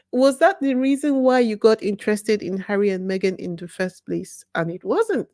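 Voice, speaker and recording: A woman's voice: medium pitch, animated, moderate pace, few pauses, warm tone, dry recording. A woman hosting her own channel, talking passionately and emphatically, asking herself pointed questions. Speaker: YouTube channel host. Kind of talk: casual vlog monologue.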